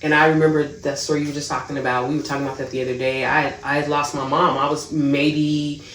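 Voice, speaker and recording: Animated woman telling her faith story. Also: low-pitched, fast talker, slight background noise. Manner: animated storyteller, lively asides. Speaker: podcast co-host. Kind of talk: faith podcast conversation, personal storytelling. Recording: roomy, distant mic.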